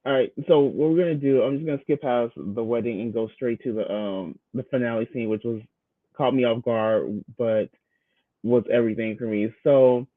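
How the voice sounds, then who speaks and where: A man's voice: mid-range voice, normal speed, dry recording. A man talks through a show recap in a loose, rambling way, dropping "you know" often. His voice comes through thin and tinny, like a phone line, with no room sound around it. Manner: loose and chatty, filler-heavy, acts out quotes. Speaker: podcast co-host recapping a reality show. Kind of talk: casual commentary recap.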